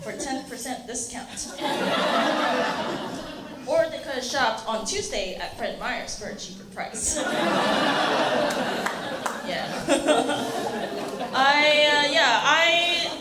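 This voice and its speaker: A young woman doing a stand-up comedy set in a comedy club, chatty and halting with many fillers and laughs. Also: high voice, far from the mic. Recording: echoey club room with noise.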